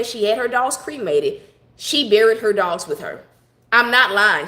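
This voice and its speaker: A middle-aged woman shares a personal devotional talk, her storytelling conversational and heartfelt. Her voice is bright and forceful, with a reflective edge. She sounds like she is in a roomy, echoing space. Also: a little high, lively intonation, a little slow. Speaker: devotional broadcaster.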